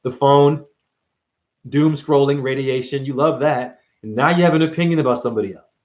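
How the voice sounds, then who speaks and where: A man ranting to camera in a profane, mocking monologue, firing rapid rhetorical questions at the viewer. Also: mid-range voice, low-quality recording. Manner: profane, mocking, swings between shouting and murmuring. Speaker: self-styled spiritual vlogger.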